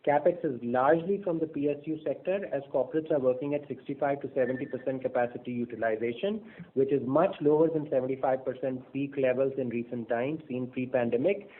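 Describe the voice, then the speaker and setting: Bank exec guy on a thin phone line, measured, lots of uh and you know. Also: mid-range voice. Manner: measured, with frequent fillers and restarts. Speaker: bank executive on an earnings call. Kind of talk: business presentation on a conference call.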